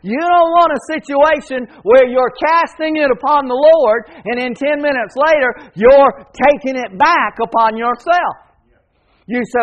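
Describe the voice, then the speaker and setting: A male pastor with a high-pitched voice preaches with emphatic repetition, leading his listeners in call-and-response. The recording is dull and lo-fi. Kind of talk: sermon.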